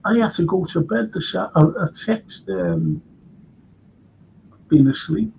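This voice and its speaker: A man's voice: high voice, huge pitch swings, measured pace, vocal fry, darkish tone. An older man with a Liverpool accent, hosting a casual chat show, rambling and tired from lack of sleep. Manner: rambling, chatty, with frequent restarts. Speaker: host. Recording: dull lo-fi sound with faint noise.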